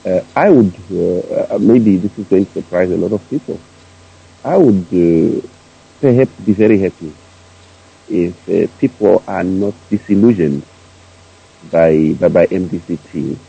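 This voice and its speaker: A man's voice: low voice, unhurried, creaky, mellow, breathy edge, dull audio. A man calling in to a radio talk show, speaking hesitantly with many fillers and restarts. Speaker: caller. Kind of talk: phone-in commentary.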